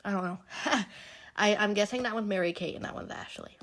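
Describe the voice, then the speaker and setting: A chatty young woman with a lilt, her voice partly gone from a cold and a little hoarse. She rambles and giggles casually, recorded on a handheld phone. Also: mid-range voice, brisk, a bit bright, slight background noise. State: partly lost voice from being sick. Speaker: vlogger. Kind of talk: casual chat showing gifts. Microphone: handheld phone, no tripod.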